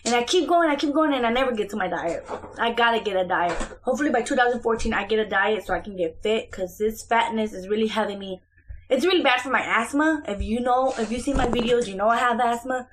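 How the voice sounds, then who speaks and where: A young mother talks to the camera in a relaxed, rambling home vlog, her voice a touch high. She keeps circling back with fillers and restarts as she chats from her kitchen. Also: quick pace, slight background noise. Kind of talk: casual chatty life update.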